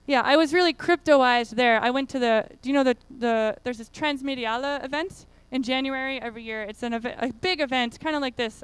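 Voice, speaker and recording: A woman's voice: sits high, clear, resonant tone. A woman giving a casual conference talk, chatty and full of fillers. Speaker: conference speaker. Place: conference room.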